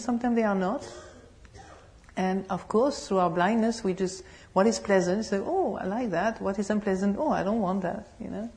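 Humorous Buddhist nun giving a dharma talk. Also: female voice, mid-range voice. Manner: humorous, animated storytelling. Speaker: Buddhist nun and meditation teacher.

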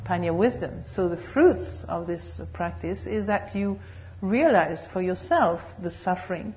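A Buddhist nun gives a dharma talk to a meditation group. She tells humorous, animated stories in a slightly low voice. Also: a little slow.

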